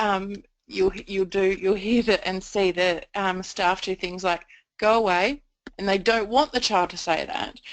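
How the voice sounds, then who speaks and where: A woman's voice: medium pitch, rough recording. A woman giving a training presentation on communication support, explaining her points at length with frequent "um" fillers.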